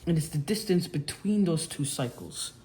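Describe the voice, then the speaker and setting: A man's voice: fairly high pitch, animated, moderate pace, darkish tone. A young man explaining physics as a casual tutor while drawing, often restarting his sentences. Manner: casual, restarts and self-corrections. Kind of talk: whiteboard explainer lesson. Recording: roomy, faint background noise.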